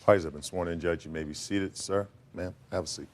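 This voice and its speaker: A man's voice: sits low, fairly even intonation, fairly quick. A man acting as bailiff, making firm, formal courtroom announcements. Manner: firm, formal calls to order. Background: music.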